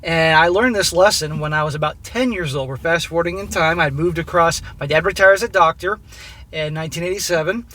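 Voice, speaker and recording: A man's voice: on the high side, fairly quick, bright, forceful tone. A man in his forties from Southern California gives blunt, profane life advice to his viewers and keeps calling them "guys.". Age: 40s. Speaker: advice channel host. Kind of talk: casual advice monologue.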